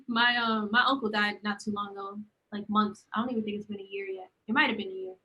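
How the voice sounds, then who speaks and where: Bright, lively young woman chatting. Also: mid-range voice, fairly quick, low-quality recording. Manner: animated storyteller, acts out quoted lines. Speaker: podcast co-host. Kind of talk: casual chat.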